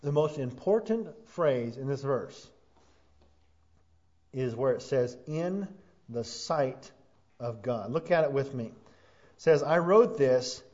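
Earnest preacher, lifting to emphatic peaks. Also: male voice, mid-range voice, expressive, slow pace, pauses often. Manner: earnest, rising to emphatic peaks then dropping soft. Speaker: pastor. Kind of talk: sermon. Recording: dull lo-fi sound.

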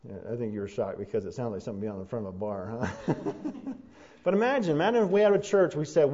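A man preaching a sermon as pastor, building from conversational asides to loud, fervent passages. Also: mid-range voice, expressive, fast, muffled recording.

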